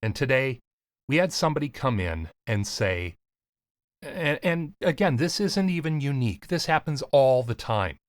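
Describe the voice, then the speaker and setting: A man's voice: mid-range voice, very animated, no room sound. Emphatic man with a slight lisp. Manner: emphatic, earnest, deliberate pauses; casual, swears lightly. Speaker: voiceover coach and podcast host. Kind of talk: direct-to-camera talk.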